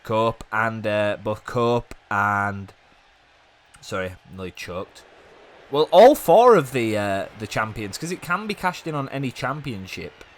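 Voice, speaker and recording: A man hosting a gaming video, giving chatty play-by-play commentary that rambles and jumps up with excitement at big moves. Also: lowish voice, a little slow. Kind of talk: casual play-by-play game commentary.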